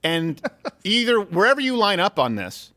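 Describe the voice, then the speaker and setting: A man hosting a comedy talk show in a studio. He is loud and jokey, swears, and swings into mock outrage. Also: high-pitched, very animated, normal speed, no echo. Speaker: host.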